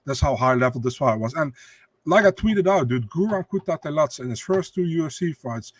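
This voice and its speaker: Male co-host, casual podcast chat, loose and halting; dry, close recording. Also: on the high side, expressive, no room sound.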